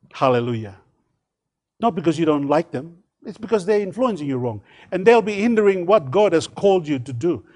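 A man preaching a sermon, reading scripture and calling out hallelujahs between points. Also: high voice.

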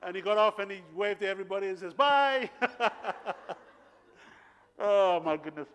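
A man from Papua New Guinea preaching a sermon, telling stories with loud bursts of emphasis and frequent laughter. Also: sits high, steady tone, normal speed, smooth. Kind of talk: sermon storytelling.

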